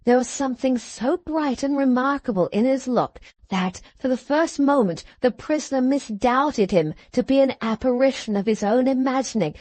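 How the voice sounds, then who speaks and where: A woman narrating an audiobook in a measured way, slowing at the end of phrases. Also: high-pitched, darkish tone, dry recording. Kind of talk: scripted narration of a classic novel.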